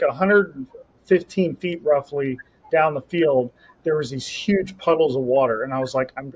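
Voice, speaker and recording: Rambling, animated man telling a story. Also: on the high side, slightly rough. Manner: rambling, animated storytelling with self-talk asides. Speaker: podcast co-host and Highland Games athlete. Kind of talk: casual chat. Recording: slightly dull lo-fi audio.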